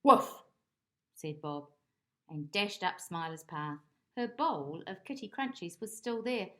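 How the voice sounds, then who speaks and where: Brief: woman reading a picture book to kids, lively and expressive, mid-pitched voice. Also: measured pace. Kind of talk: children's storybook read-aloud.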